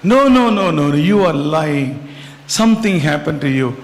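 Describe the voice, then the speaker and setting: A man's voice: fairly high pitch, lively intonation, moderate pace, voice pushed down, close to an everyday voice. A man voicing a senior manager at work who insists on knowing why a colleague is sad, pressing and repetitive. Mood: insistent. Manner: pressing, repeats himself. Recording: echoey hall.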